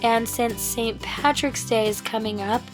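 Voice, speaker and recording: Casual vlogger, woman, raspy from laryngitis, higher voice, light music bed. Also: fairly even intonation, unhurried. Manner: chatty, enthusiastic, many fillers. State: hoarse from laryngitis. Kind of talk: casual shopping vlog voiceover.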